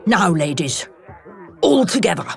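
A gravelly female badger , voiced by a woman, speaks with calm, firm command in a storybook reading. Her pitch sits fairly high and moves a lot. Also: unhurried, full character voice. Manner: calm and firm, rising to battle cries.

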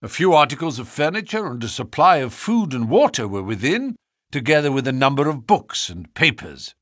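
A man narrating a story as an audiobook in an expressive, measured way. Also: mid-range voice, no room sound, studio quality.

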